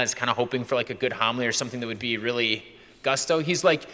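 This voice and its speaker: Speaking fast in a pushed, bright voice of medium pitch, a young priest gives a chatty homily and performs quoted exchanges from memory. Long reverb from the church fills the recording.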